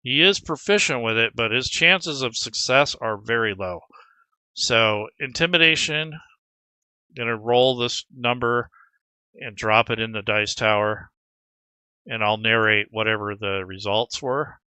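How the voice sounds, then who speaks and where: A man's voice: mid-range voice, unhurried, bright, forceful tone, smooth, dry recording. A man talking casually through a tabletop game prep tutorial, rambling with frequent restarts as game master. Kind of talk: screen-recorded tutorial.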